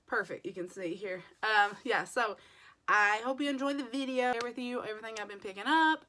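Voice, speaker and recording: A woman with a hoarse voice, chatting casually through a makeup haul as a beauty vlogger, rambling with plenty of fillers. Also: a little high, fairly quick, pushed and bright.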